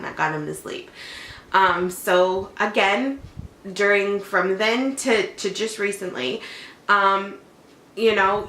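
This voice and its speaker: In an echoey room with a faint hum behind her, a young adult mom and vlogger chats casually at home. Her mid-range voice is fairly bright, and she rambles through a personal story, saying "like" constantly.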